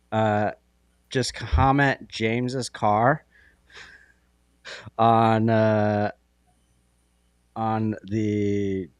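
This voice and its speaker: Slow-talking man co-hosting a stream. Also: on the low side, clear, resonant tone, no room sound, clean studio sound. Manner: unhurried, hesitant, many fillers. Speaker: stream co-host. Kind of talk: casual livestream chat.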